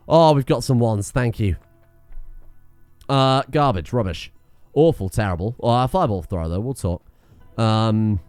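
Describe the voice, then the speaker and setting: A man's voice: fairly low pitch, darkish tone, dry recording. A man giving casual let's-play commentary, rambling, self-mocking and swearing freely as he plays. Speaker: gaming streamer.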